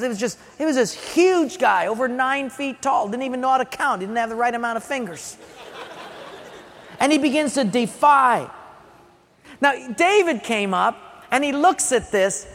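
Man, preacher, animated sermon, high pitch, long church reverb. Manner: animated, jokey, acts out sounds. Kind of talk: sermon storytelling.

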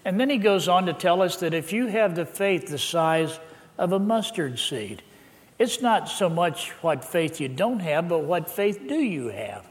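Older pastor in a reverberant hall. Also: male voice, sits high, unhurried. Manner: lively anecdotal telling, with laughs. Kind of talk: sermon storytelling.

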